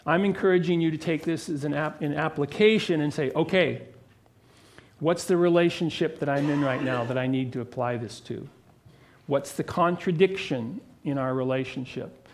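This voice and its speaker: A man preaching a sermon as pastor, earnest and emphatic, who drops into a lowered, quiet voice when he prays. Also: moderate pace, a little hiss or hum.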